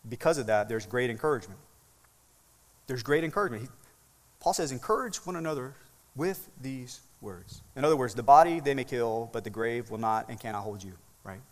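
A male pastor preaching a sermon with call-and-response questions, swinging from emphatic peaks to soft, low asides. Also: big-room sound. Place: church sanctuary.

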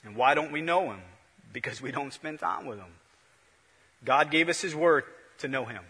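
A male pastor preaching a sermon, with a repetitive cadence that swings between loud peaks and hushed lines. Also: mid-range voice, expressive, moderate pace, husky. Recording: long hall reverb.

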